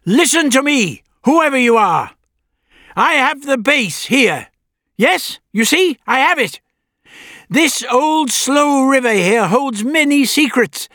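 A man voicing a stern elderly gentleman traveller who speaks in a loud, forceful, commanding way. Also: very high voice, no echo, studio quality, voice pushed up, full character voice.

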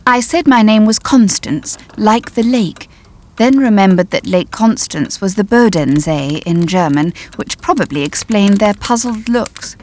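A woman's voice: mid-range voice, animated, a little slow, a little mellow. Woman narrating a tense storybook. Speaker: audiobook narrator. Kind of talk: first-person storybook narration.

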